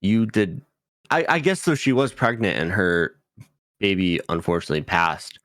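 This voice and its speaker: A man co-hosting a casual podcast chat, animated and prone to loud mocking asides. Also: low voice, normal speed, no room sound, clean studio sound. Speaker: podcast co-host.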